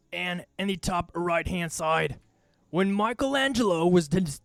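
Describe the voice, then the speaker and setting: A man putting on the voice of a breathy male esports announcer who gives bombastic, jokey player introductions. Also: high voice, no echo, voice pushed up, full character voice. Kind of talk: impression of an esports caster.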